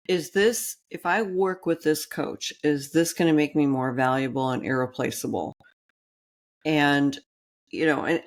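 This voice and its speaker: Woman, low register, business coach type; easygoing podcast talk, drifts into asides. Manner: rambling with quick restarts and asides. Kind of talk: casual podcast chat.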